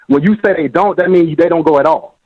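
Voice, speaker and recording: A man's voice: fairly high pitch, fast talker, no room sound, highs cut off. A male caller on a boxing podcast arguing heatedly and calling people "bro". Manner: argumentative, repeats "bro". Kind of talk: heated podcast call-in debate.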